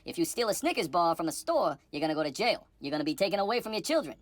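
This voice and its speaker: A low, fast-talking courtroom questioner with a blunt, sarcastic bite, voiced by a woman. The delivery is brisk and dry, close to the mic, in a comedy dub. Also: very animated, dry recording. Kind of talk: parody dub.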